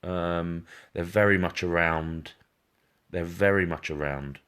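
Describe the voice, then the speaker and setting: A man with a very low voice giving psychic readings on a live stream. He repeats himself, reassures often and calls viewers by name. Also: fairly even intonation, takes it slowly, fairly bright tone, smooth.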